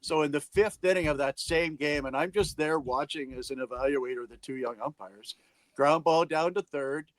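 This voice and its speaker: A man's voice: a little high, normal speed, no echo, rough recording. A middle-aged man, co-hosting a sports podcast and recounting umpiring stories emphatically, acting out what people said. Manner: emphatic, acts out quotes. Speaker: podcast co-host, umpire evaluator. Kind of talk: casual storytelling chat.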